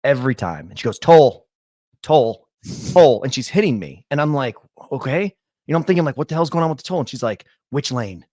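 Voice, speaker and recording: A man's voice: mid-range voice, very animated, fast talker, no echo, clean studio sound. A man co-hosting a podcast, complaining in casual banter with exasperated outbursts. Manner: exasperated complaining, rising into mock outrage. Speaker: podcast co-host.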